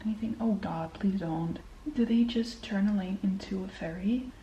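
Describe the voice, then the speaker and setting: A young woman with a mellow, rounded voice gushes and rants in a casual reading vlog. She swears freely and keeps sinking into hushed whispers. Faint background noise sits under her voice. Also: medium pitch, moderate pace, lo-fi sound. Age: young adult. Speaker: book vlogger.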